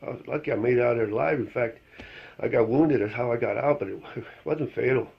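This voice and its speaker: A man's voice: mid-range voice, fast, creaky, husky. A man voicing a laid-back male talking dog, a boastful war veteran, in a rambling, easygoing drawl. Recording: dull lo-fi recording.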